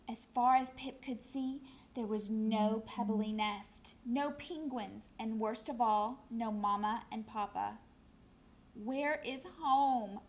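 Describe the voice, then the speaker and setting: A woman's voice: on the high side, rough recording. A woman teacher reading a storybook aloud expressively, acting out sound effects.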